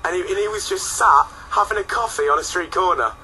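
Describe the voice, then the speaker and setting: A man's voice: high voice, quick pace, rough recording. A young man from England, a guest in a radio studio telling stories in a laid-back, chatty way. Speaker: guest singer. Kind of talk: casual radio chat.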